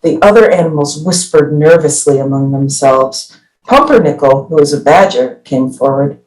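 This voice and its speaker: A woman reading a children's picture book aloud at a library, lively storytelling and voicing each animal. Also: sits low, normal speed. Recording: distant from the mic.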